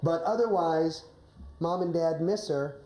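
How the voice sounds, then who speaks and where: A woman's voice: low-pitched, a little slow, warm tone. A woman coaching a teacher through a classroom drama lesson, giving directions and often checking with "right?". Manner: encouraging, directive, frequent "right?". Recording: roomy classroom recording with faint noise.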